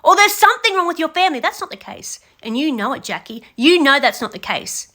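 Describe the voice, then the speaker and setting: A woman's voice: sits high, sing-song, brisk, sharp tone. A young adult woman giving blunt, scolding reality show commentary, speaking straight to a contestant. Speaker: reaction commentator.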